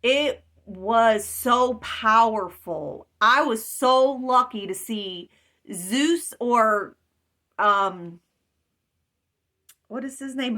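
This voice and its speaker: A woman vlogger with a bright, forceful voice on the high side tells a story about a dream. Her casual storytelling rambles and is emphatic, piling on detail as she goes.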